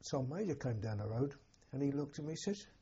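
An elderly man recalling his war years, halting and repeating words as emotion rises. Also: medium pitch, dark tone, husky. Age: older. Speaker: war veteran interviewee. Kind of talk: personal recollection. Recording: dull lo-fi recording.

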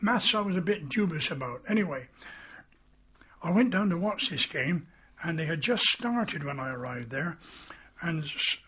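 Older man, husky and fairly high, reminiscing in a rambling oral-history style, dull lo-fi tape. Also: lively intonation, moderate pace, bright, forceful tone. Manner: rambling storyteller, acts out quoted voices, chuckles. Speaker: interviewee recalling his army boyhood. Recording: dull lo-fi recording.

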